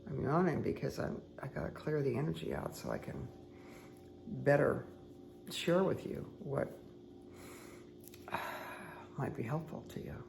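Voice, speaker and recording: Croaky woman chatting with viewers. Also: sits low, a little mellow, a little hiss or hum. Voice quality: croaky, dry throat. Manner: rambling, friendly asides to the audience. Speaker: meditation and tarot host. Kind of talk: casual chatty talk to viewers.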